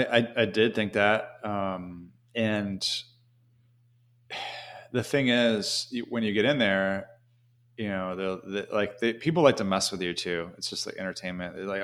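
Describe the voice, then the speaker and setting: Low-voiced man telling a rambling story. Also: moderate pace, a bit bright. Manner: rambling, frequent "you know" fillers. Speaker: interview guest. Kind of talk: casual storytelling.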